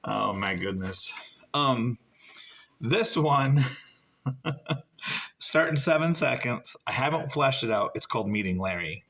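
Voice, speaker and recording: Animated stand-up man, lively and bright. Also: takes it slowly, pauses often. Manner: animated, jumps high when acting out dialogue. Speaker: stand-up comedian. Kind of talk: stand-up storytelling.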